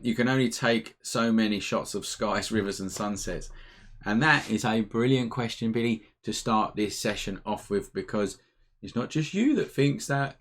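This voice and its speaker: Casting: lower-voiced man, easygoing live-stream host, chatty and informal. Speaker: photography teacher hosting a live Q&A. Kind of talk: casual live-stream chat. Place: home room, indoors.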